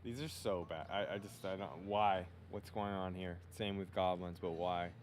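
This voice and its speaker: Low-voiced casual male podcast host. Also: steady tone, moderate pace, a little hiss or hum. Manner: loose, filler-heavy, offhand. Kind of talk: casual chat.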